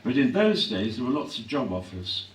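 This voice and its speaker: An older English man reflecting on his acting career in a live on-stage interview, clearing his throat often as his voice grows hoarse. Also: medium pitch, very animated, moderate pace. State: voice growing hoarse. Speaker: actor being interviewed. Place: hall at a public event. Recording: echoey hall from a distance, faint hum.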